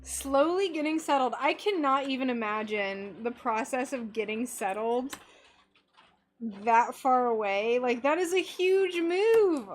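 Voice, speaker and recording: A woman with a high-pitched, animated voice speaks a little slowly, with slight background noise. She's livestreaming from her brightly lit home craft workspace, working on stained glass and reacting to viewer messages in a giggly, chatty way.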